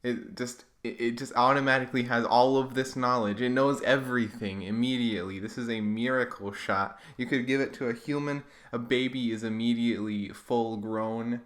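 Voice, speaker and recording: A YouTuber flips through comics he drew as a kid, reading them aloud with wry, sarcastic, comedic commentary. His mid-range voice is a bit bright and steady in tone, moving at a moderate pace with few pauses.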